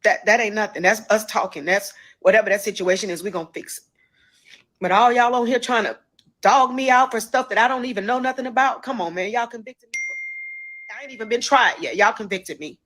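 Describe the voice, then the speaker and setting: A woman's voice: a little high, fairly quick, a bit bright. A woman giving an emotional public apology, pleading and heartfelt. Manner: pleading, heartfelt, Southern Black vernacular.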